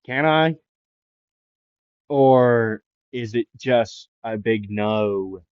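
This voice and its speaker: A man's voice: medium pitch, drawn-out words, a little mellow, clean tone, no room sound. A man voicing an earnest, awkward young male hero who speaks politely and hesitantly, on a dull, dry recording.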